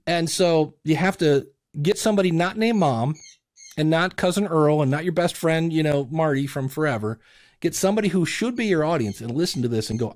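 A man chatting on a podcast, his voice sitting a bit high as he bounces through anecdotes. He acts out little quoted exchanges with energy. The sound is dry and close. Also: brisk, dry recording. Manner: animated storyteller acting out quotes. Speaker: podcast guest and coach. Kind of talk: casual podcast chat.

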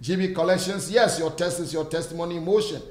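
A man's voice: a little high, fast talker, reverberant. A man preaching a sermon with fervent, repetitive exhortations, calling out and greeting his online viewers by name.

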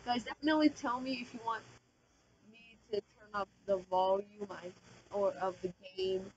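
A woman giving casual, slangy gameplay commentary as a channel host, talking loudly and excitably. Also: mid-range voice, normal speed, highs cut off, a little hiss or hum. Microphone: desk microphone.

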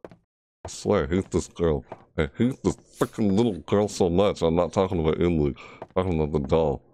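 A man's voice: deep voice, moderate pace, dark tone, slight background noise. A man commentating a horror game playthrough, frustrated and jumpy, scolding the game's characters and shrieking at scares. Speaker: gamer.

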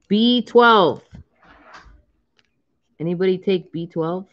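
A woman's voice: on the low side, takes it slowly, long pauses, dull audio. A woman in her thirties chatting casually on a live stream while scratching lottery tickets, drawing out the numbers she calls and laughing often.

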